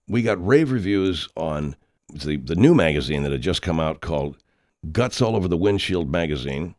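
A man hosting a comic monologue as a horror filmmaker, rambling and interrupting himself while spinning deadpan tall tales. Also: low voice, dry recording, studio quality. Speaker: horror filmmaker persona, show host.

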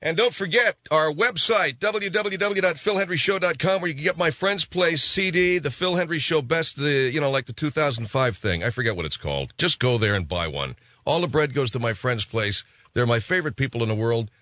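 A man's voice: fairly high pitch, lively intonation, brisk, few pauses, bright, forceful tone, no echo. A man hosting a radio talk show, rambling in a casual, offhand monologue full of restarts from a studio.

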